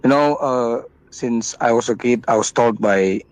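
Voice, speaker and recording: A man calling in to a debate show, speaking haltingly with many stammers and fillers. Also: medium pitch, dry recording, low-quality recording. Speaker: caller. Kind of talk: hesitant call-in chat.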